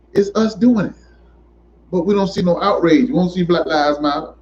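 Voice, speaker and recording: A man in an impassioned monologue, preachy and emphatic, repeating himself and rising to near shouts. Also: on the high side, lively intonation, normal speed, a little hiss or hum. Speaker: commentator. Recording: dull lo-fi recording.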